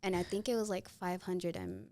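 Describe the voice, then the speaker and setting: A twenty-something woman, guesting on a podcast, tells a casual story into a close mic with a lowish voice at normal speed and no room sound. She's animated and acts out the people she describes.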